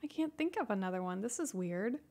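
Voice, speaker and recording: A woman in her thirties answers questions from a livestream chat in an easy, unhurried way. Her voice sits at a middle pitch. She speaks softly and hesitates often, filling pauses with ums and starting sentences over. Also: expressive. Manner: soft-spoken, hesitant, many ums and restarts. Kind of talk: casual livestream Q&A.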